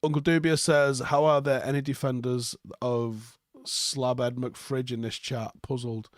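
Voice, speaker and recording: A man's voice: medium pitch, little pitch movement, unhurried, dry recording, clean studio sound. A young man, hosting a live football reaction stream, reading viewer comments and answering them bluntly with plenty of swearing and sarcasm.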